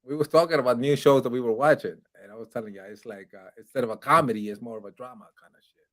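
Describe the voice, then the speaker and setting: A man's voice: medium pitch, racing. A man co-hosting a casual podcast who laughs often and throws in bits of Spanish slang. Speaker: podcast co-host. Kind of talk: casual chat.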